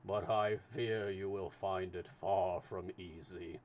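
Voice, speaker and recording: A man voicing a calm, patient consul in a live reading of a classic novel, speaking slowly and measured. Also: a little hiss or hum. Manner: slow, low and measured.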